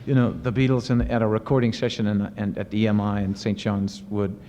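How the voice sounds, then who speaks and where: A man, an author and professor, answering audience questions in lively storytelling with many restarts and fillers. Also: fairly low pitch, brisk, big-room sound, slight background noise. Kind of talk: casual spoken Q&A. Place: university lecture event. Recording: muffled 1970s archive recording.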